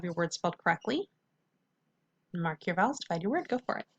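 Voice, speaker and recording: A woman teacher giving a phonics lesson to children, friendly and encouraging, drawing out syllables slowly when she sounds out words. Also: fairly low pitch, big pitch swings, husky.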